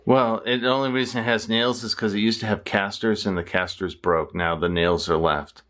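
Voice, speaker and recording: A man with a fairly low voice chats in a home vlog. He is easygoing and practical, floating ideas in a relaxed conversational way. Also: moderate pace. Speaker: vlog co-host. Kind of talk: casual home vlog chat.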